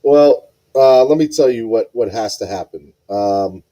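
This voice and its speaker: A man hosting a live podcast stream, excitedly reading out chat messages and repeating himself. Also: mid-range voice, measured pace. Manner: excitable, repeats phrases, reads chat aloud. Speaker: podcast host.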